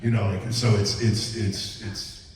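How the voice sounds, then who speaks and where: Man, voice actor on a panel, low voice, animated with restarts, echoey distant hall. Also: a little slow, a little hiss or hum. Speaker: voice actor guest on a convention panel. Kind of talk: panel Q&A answer. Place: large convention hall. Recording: roomy hall from far off.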